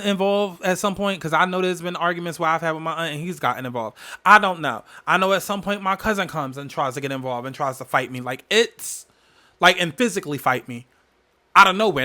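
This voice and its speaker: A man with a bright, forceful voice pitched a little high tells a personal story on his podcast. He hammers his points home by repeating key phrases, and he swears freely as he goes. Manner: emphatic, repeats phrases for weight, heavy swearing. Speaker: podcast host. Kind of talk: candid storytelling monologue.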